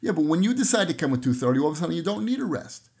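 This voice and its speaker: A man with a husky, somewhat breathy voice that sits a little high for a man. He teaches a Torah lesson on his podcast in a storytelling way, stepping briefly into the voices of the people he quotes. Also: big pitch swings, racing, a little mellow. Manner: retells stories, briefly acting out the people he quotes.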